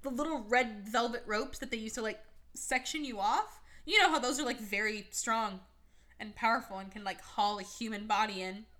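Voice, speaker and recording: A young woman hosting a podcast, casually recapping a movie with sarcasm, lots of fillers and quick quoted voices. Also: fairly high pitch, sharp tone. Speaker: podcast host.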